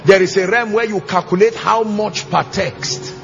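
A pastor preaching to his church, emphatic and sing-song, with shouted bursts and call-and-response questions. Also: high voice, normal speed, gravelly, a little hiss or hum. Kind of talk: sermon. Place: church auditorium with congregation. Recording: slightly muffled church recording, faint music.

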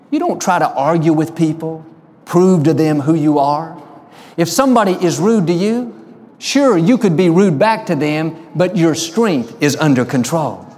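A man preaching a sermon, telling stories and slowing down to stress key lines. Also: a little high, a little mellow, in a large hall. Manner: storytelling, slows for emphasis. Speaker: pastor.

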